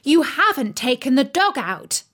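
A woman's voice: high-pitched, big pitch swings, pitched above the performer's own voice, exaggerated voice. Woman doing bossy scolding mum. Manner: brisk and scolding. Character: bossy busy mother, no-nonsense.

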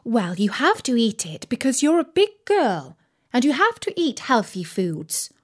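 A woman voicing a bossy, brisk mother who scolds her children. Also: fairly high pitch, huge pitch swings, full character voice. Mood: scolding. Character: bossy busy mother, no-nonsense.

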